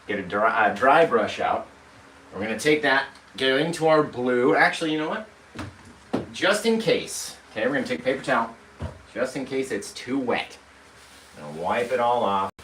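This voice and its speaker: A man's voice: medium pitch, fairly bright tone. A man hosting a live painting tutorial, chatty and upbeat, walking viewers through each step. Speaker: painting instructor. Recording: roomy, distant mic, faint noise.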